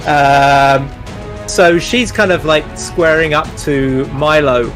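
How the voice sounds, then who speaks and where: A man's voice: a little high, slow pace, music in the background. A man playing a tabletop game who describes his character's actions hesitantly, with frequent fillers. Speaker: player.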